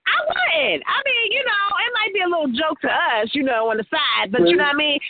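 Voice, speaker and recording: A woman's voice: high-pitched, sing-song, brisk, heavy background noise. A woman co-hosting a radio talk show in casual chat, teasing and asking pointed questions. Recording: phone-like narrow band, dry.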